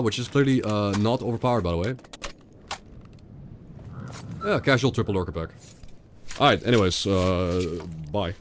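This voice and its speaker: A man's voice: fairly low pitch, brisk, slight background noise. A young man streaming a video game, rambling and sarcastic, often repeating himself. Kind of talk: casual gameplay commentary.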